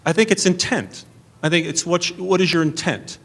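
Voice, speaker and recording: A man's voice: high-pitched, moderate pace, a bit bright. Earnest middle-aged man debating. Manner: earnest, repeats and restarts under pressure. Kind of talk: debate answer. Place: theatre stage at a podium.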